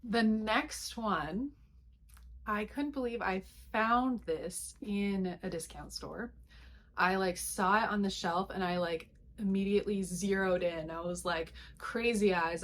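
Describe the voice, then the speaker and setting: A woman's voice: mid-range voice, takes it slowly, slight background noise. A young woman chatting casually as she shows books to the camera, with lots of fillers and asides. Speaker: booktuber. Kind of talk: casual vlog chat.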